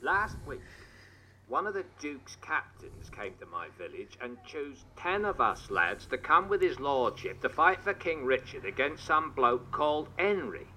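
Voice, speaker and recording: An actor with a Norfolk accent playing a worried medieval farmer archer in an audio guide, speaking plainly and homely. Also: male voice, on the high side, very animated, a little slow, pushed and bright, a little hiss or hum, exaggerated voice. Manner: homely, plain-spoken storytelling. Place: played outdoors from a battlefield audio post.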